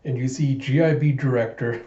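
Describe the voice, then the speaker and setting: A man's voice: mid-range voice, steady tone, normal speed, mellow. A man reading a comic aloud in a casual, chatty way, often laughing. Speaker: comic reader. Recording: echoey room, dull lo-fi sound.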